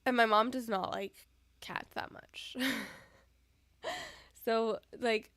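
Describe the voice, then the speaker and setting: A woman's voice: fairly high pitch, fairly even intonation, slow, a bit bright, clear, resonant tone, no room sound, clean studio sound. A young woman in casual chat to her viewers at home, sleepy and yawning, often giggling. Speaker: streamer. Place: indoors at home.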